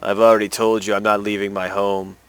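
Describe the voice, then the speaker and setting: A man reading out the lines of a grumpy, stubborn old village man in a game, in a gruff way. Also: on the low side, level tone, brisk, faint music behind, natural voice. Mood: grumbling.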